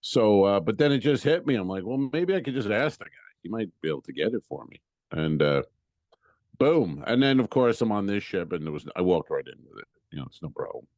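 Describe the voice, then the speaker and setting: A man's voice: fairly low pitch, sing-song, brisk, a little mellow, no echo. A man, a comedian co-hosting a podcast, casually telling a profane, exasperated story and acting out what others said.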